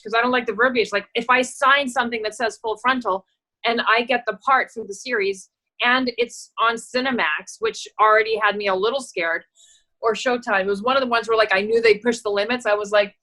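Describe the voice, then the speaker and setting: Bright-voiced woman telling lively stories. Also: a little high, normal speed, low-quality recording. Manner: animated storyteller, acts out quoted voices, laughs often. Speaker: actress and producer, guest. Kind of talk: casual anecdote telling.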